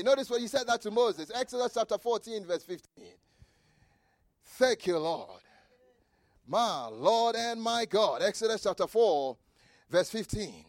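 Man preaching, super high voice, slow and drawn out, shouty repeats. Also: expressive, no room sound. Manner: fervent, repeats phrases and shouts for emphasis; reads scripture aloud and comments with asides. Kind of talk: sermon.

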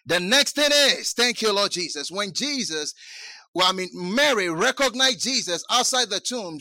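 A male pastor preaching a sermon who repeats his phrases and swings from hushed tones to shouting, with slow, drawn-out emphasis. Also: high-pitched, no echo.

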